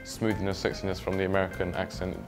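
A man from Britain chatting casually as a guest in a filmed accent challenge, relaxed and self-deprecating. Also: low voice, fast, music in the background. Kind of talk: casual chat.

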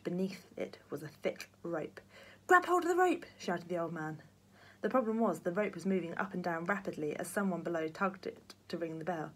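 Teacher, woman, husky lower voice, expressive children's story reading. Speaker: primary school teacher. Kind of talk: reading a children's book aloud.

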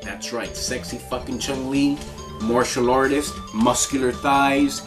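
Guy ranting a countdown, crude and sweary, rambles and chuckles, mid-pitched voice. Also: steady tone, measured pace, music in the background. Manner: crude, profanity-heavy, rambling with frequent laughs. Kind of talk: casual countdown commentary.

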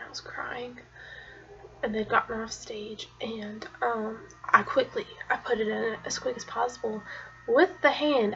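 A woman's voice: a little high, vocal fry, a bit bright, highs cut off, a little hiss or hum. A young woman telling a personal story to camera in a rambling, chatty way, now and then dropping to a whisper. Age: young adult. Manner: rambling, chatty, drops to a whisper at painful parts. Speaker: vlogger.

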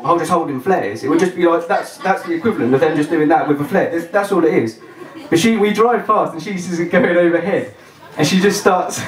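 A young man doing open-mic stand-up comedy in a small venue, chatty, dry and self-mocking. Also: fairly high pitch. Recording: roomy echo, voice from far off.

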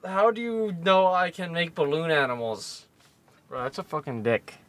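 A man's voice: fairly high pitch, big pitch swings, moderate pace, fairly bright tone, dry recording. A man in his twenties chatting casually on a live stream, tipsy from shots, rambling and swearing constantly. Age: 20s.

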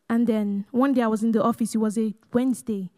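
A young Nigerian woman giving a lively testimony talk, laughing often and acting out conversations as she speaks to the audience. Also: on the high side. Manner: animated storyteller, laughs often, acts out dialogue, talks to the crowd as "guys". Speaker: guest speaker sharing a testimony. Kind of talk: sermon-style personal testimony.

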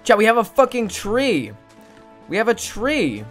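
Excitable woman streamer, very lively pitch. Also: a little slow, soft background music. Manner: excitable, swinging between squealing joy and mumbled asides; coos in a high baby voice at a pet. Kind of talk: casual live-stream gaming commentary.

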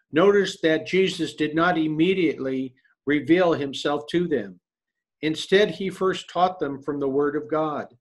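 A male pastor giving a sermon in a measured, earnest preaching manner. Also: a little high.

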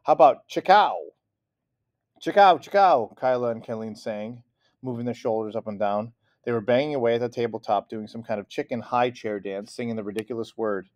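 A man narrating a children's chapter book aloud in an expressive read-aloud manner. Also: fairly low pitch, brisk, no room sound, clean studio sound. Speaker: audiobook reader. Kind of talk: storybook narration.

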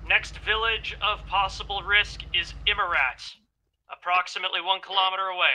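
A man's voice: high voice, fairly even intonation, normal speed, sharp tone, rough recording. A man leading a game convoy with clipped, military-style radio orders. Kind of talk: radio-style squad commands.

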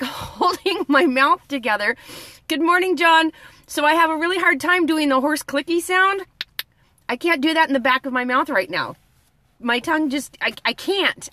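A woman's voice: high-pitched, sharp tone, dry recording. A woman hosting a word-of-the-day lesson in a chatty way, greeting viewers by name, with a slight lisp from orthodontic bands. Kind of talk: casual live video lesson.

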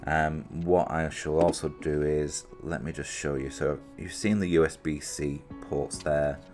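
A man's voice: extremely low pitch, steady tone, unhurried, a little mellow, faint music behind. A British man chatting casually as he demonstrates a product he is unboxing, thinking aloud and poking fun at himself. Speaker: reviewer presenting an unboxing.

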